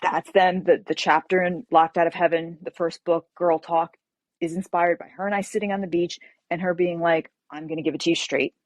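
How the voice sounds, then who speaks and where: A woman novelist as an interview guest, telling animated stories and acting out quotes. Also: lowish voice, moderate pace, dry recording. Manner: animated storyteller, acts out quotes. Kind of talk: casual interview chat.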